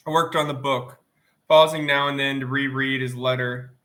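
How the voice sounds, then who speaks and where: Guy reading a novel out loud, bright voice, steady, bit sniffly from allergies. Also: mid-range voice, moderate pace. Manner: plain, steady first-person narration. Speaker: audiobook reader.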